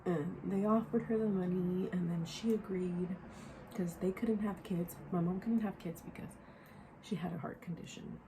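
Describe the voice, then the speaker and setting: A woman's voice: on the low side, fairly even intonation, normal speed, noisy background. A young woman vlogger telling a personal story casually, rambling and candid with many fillers, sometimes dropping into a whisper. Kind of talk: casual storytime while getting ready.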